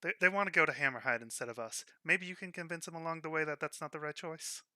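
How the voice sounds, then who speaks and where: A man voicing a pushy, fast-talking male gnome shopkeeper with loud, boastful sales patter. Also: fairly high pitch, dry recording, clean studio sound, pitched above the performer's own voice. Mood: salesy. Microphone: online voice call.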